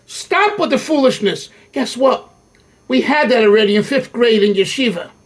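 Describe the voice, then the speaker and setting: An older man leads a Torah class in a voice that sits unusually high for a man. He speaks emphatically and with lots of animation, often breaking off and restarting a phrase before pressing his point. He talks like a teacher working through a text with his students. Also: a bit bright. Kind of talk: Torah lecture.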